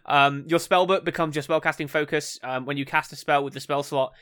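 A man's voice: fairly high pitch, fairly even intonation, fairly quick, a bit bright, clear, resonant tone, dry recording, studio quality. A wry, sweary man with an English accent, chatting on a podcast and laughing often. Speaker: podcast co-host. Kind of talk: casual chat.

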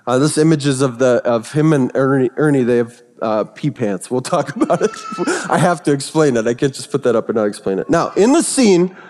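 A man's voice: medium pitch, fairly quick. Man preaching in a reverberant hall. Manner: storytelling, swinging from hushed to excited. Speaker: pastor. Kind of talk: sermon.

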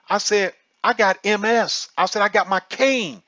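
A man's voice: sits high, a little fast, few pauses, sharp tone, no room sound, highs cut off. A man telling a personal testimony in an earnest, emotional way, often repeating himself. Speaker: speaker giving a testimony.

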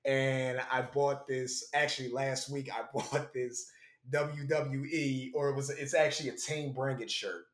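A man's voice: medium pitch, steady tone, measured pace, echoey room. A young man in casual chat, rambling and swearing a lot, often saying bro and yo. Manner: profane, rambling, says bro and yo.

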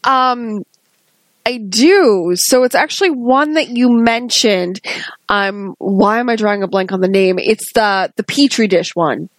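A woman's voice: mid-range voice, expressive, no echo. A woman co-hosting a podcast, chatting casually and unhurriedly about favorite cartoon episodes. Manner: unhurried, hesitant with fillers. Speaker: podcast co-host.

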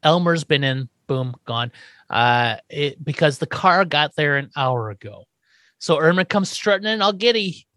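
A man recaps a sitcom episode with a podcast co-host, chatting casually. He jumps into the characters' lines with animated voices. The recording sounds dry and close. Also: fairly high pitch, unhurried, no echo. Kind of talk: casual chat.

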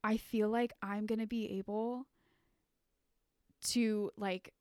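Young adult woman, podcast co-host, animated storyteller, mid-pitched voice, dry close recording. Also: takes it slowly, smooth, no echo. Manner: animated, filler-heavy, laughing. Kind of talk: casual storytelling chat.

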